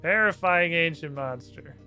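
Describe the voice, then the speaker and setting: Soft music plays behind a man whose fairly high voice is bright and forceful at a measured pace. While streaming a video game, he curses and keeps up a sarcastic running commentary to himself.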